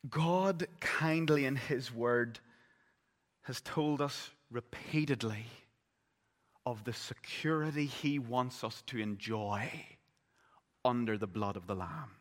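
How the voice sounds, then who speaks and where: A man preaching a sermon, telling the story vividly and swinging between loud, urgent passages and hushed ones. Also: medium pitch, slow pace. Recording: long reverb of a large hall.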